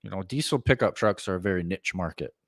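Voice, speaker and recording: A man's voice: sits low, quick pace, husky, dry recording. A man co-hosting a podcast in casual chat, dry and opinionated. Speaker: podcast co-host.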